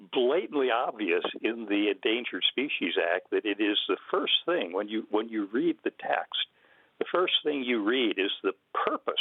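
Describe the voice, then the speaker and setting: An older man, a guest on a radio interview, explaining in a measured way with pauses and fillers. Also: fairly low pitch, creaky, no room sound. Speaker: guest conservation biologist. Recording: narrow phone-line sound.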